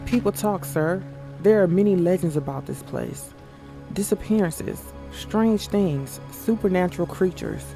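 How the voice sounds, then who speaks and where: A man's voice: sits high, unhurried, vocal fry, warm tone, soft background music. A man reading the lines of a wary male guest who warns of local legends, in a solemn tone. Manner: solemn, warning tone, reading aloud.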